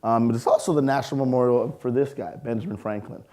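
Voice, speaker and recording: Male speaker, 40s, warm low-toned lecturer, animated storyteller addressing a hall audience. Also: fast talker. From Canada. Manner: lively storyteller, acts out voices, engages audience with questions. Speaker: science museum leader giving a public talk. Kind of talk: public lecture with personal stories.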